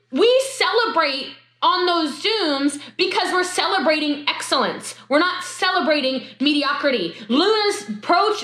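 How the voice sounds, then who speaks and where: A woman with a high, bright voice gives an emphatic motivational talk to her sales team. She hammers words through repetition and leaps into high exclamations. The room around her rings with echo.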